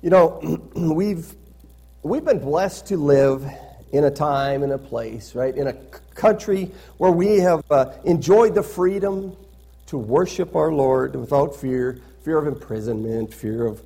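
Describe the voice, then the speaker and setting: A man's voice: a little high, unhurried, vocal fry, warm tone. A man preaching a sermon as pastor, reading scripture aloud with rising emphasis and adding conversational asides that end in "right?".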